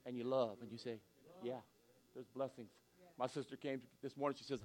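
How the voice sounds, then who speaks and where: An older man preaching a sermon, animated and exclaiming with laughter and praise. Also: mid-range voice, brisk.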